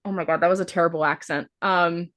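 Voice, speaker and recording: A woman's voice: lowish voice, fairly even intonation, fast, fairly bright tone. A woman co-hosting a podcast, recapping a film in a casual, rambling way, full of "like" fillers and the odd swear word. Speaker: podcast co-host. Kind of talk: casual movie-review chat.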